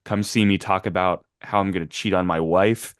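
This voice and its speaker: A young man in college hosting a casual podcast chat, talking fast and laughing often. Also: deep voice, fairly even intonation, clean tone, dry recording, clean studio sound. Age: young adult. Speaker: podcast host.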